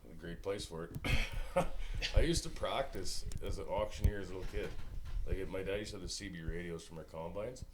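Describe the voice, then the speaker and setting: Deep-voiced laid-back man telling stories. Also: a little fast, noisy background. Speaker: musical guest. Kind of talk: casual chat.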